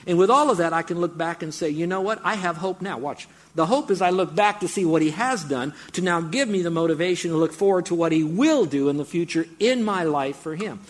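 A man delivers a sermon with a fairly high voice. He speaks straight to his congregation in a conversational way and gets excited when he makes his point. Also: a little fast, hardly any pauses. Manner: animated, bursts into excited game-show mimicry; conversational, addresses congregation directly. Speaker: preacher.

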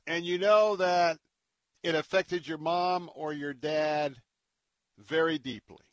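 A man hosting a Christian radio talk show, speaking in an earnest, preacherly way and dropping to a hushed tone when he tells a story. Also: fairly high pitch, steady tone, slow pace, dry recording. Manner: earnest, preacherly, drops to a hush for stories.

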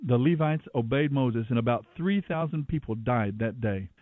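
A man reading the Bible aloud in a steady, measured manner as the show's regular reader. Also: medium pitch, no room sound. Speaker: scripture reader. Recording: dry, phone-like narrow sound.

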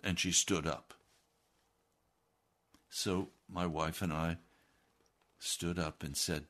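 A man preaches a radio sermon in a low voice. He speaks slowly and deliberately. His delivery is earnest, and his emphasis rises as he presses his points. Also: steady tone, a bit bright. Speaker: pastor. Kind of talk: broadcast sermon.

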